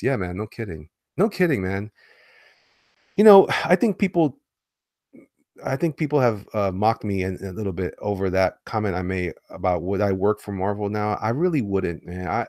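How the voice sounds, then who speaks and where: A man talks loosely to his stream chat in a fairly low voice. His sentences restart and wander as he answers viewers' comments. The recording is dry and close to the mic. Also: moderate pace, darkish tone, dry recording. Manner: rambling, with frequent restarts. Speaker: comic artist streaming and reading chat. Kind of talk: casual live-stream chat.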